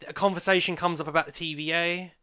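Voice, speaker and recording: A man hosting a podcast in loose, animated chat, with a bright, forceful voice that sits a little high for a man. He tumbles through a recap and slips into the characters as he goes. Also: quick pace, smooth. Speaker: podcast host.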